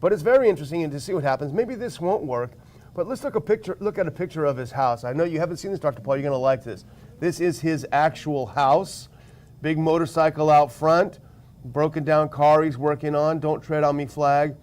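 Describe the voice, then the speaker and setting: A man's voice: on the high side, brisk, darkish tone. Wry man hosting news commentary. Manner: wry, reading out quotes and charts. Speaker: host.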